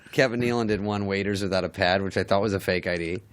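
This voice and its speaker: A middle-aged man with a fairly low voice, telling stories in a dry, wry, self-deprecating way. He is a guest comedian in a casual chat. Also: steady tone, quick pace. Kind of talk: casual storytelling with acted quotes.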